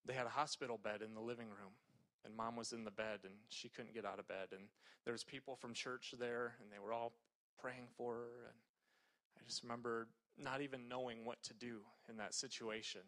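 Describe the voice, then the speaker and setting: A man's voice: mid-range voice, a bit bright. A man preaching a sermon in a conversational way, telling a personal story with frequent fillers and restarts.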